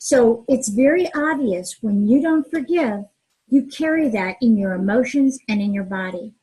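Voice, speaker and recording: A woman's voice: fairly high pitch, normal speed, slightly rough, rough recording. A middle-aged woman, a mediator and relationship author, answering interview questions earnestly and telling personal stories. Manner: earnest, expressive storyteller who acts out dialogue.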